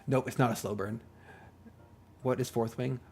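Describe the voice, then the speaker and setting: A man's voice: mid-range voice, steady tone, normal speed, darkish tone, husky. A man chatting casually on a live stream, rambling and self-deprecating with joking asides, and faint music playing behind him. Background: faint background music.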